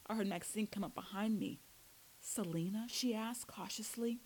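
A woman reading a first-person novel aloud as an audiobook narrator, with steady storytelling delivery. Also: on the low side, rough recording.

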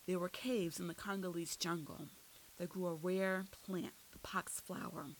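A woman reads a first-person thriller aloud, her voice sitting low. She leans into the drama and lifts sharply when the action peaks. A faint hiss runs under the recording. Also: fairly even intonation, a little slow, poor audio. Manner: dramatic, rises sharply for shouted lines. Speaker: audiobook narrator. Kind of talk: first-person story reading.

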